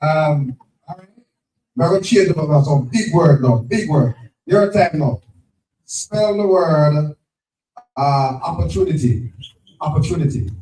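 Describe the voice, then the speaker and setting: A man, hosting a live spelling game at an event, brisk and teasing, repeating each word. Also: on the high side, expressive, mellow. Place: event venue with crowd. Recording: echoey, distant from the mic.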